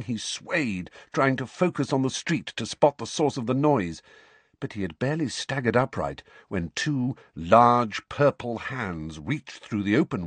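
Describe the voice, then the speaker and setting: A man narrating a story in an expressive, lively reading. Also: mid-range voice, husky, dry recording. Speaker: audiobook narrator.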